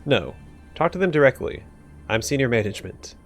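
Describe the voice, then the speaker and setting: Man reading a gruff game pimp, scornful and dry, with soft music underneath. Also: mid-range voice, big pitch swings, a little fast, natural voice. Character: gruff middle-aged male pimp, irritable and sarcastic.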